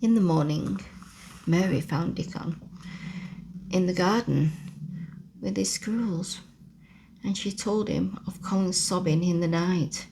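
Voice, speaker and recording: A woman reading a classic children's book aloud in a slow, soft whispered role-play. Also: on the low side, vocal fry, a little hiss or hum. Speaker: ASMR storyteller.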